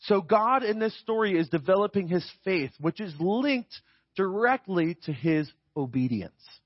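A man's voice: sits high, lively intonation, a little slow, no echo, dull audio. A man preaching a sermon in a conversational way, often checking in with his listeners. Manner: conversational, often adds "right?".

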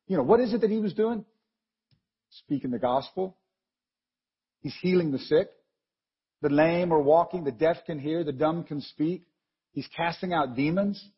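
A man preaching a chatty, digressive sermon, telling the story with lively asides. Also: a little high, slightly rough. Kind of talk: conversational sermon. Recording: dull lo-fi recording.

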